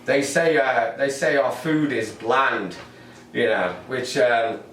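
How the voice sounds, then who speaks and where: A man's voice: mid-range voice, takes it slowly, fairly bright tone, far from the mic, a little hiss or hum. A man with an English accent performing a stand-up comedy routine, ranting with frequent ums and repeated words. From England. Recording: roomy echo, off-mic, faint ambience.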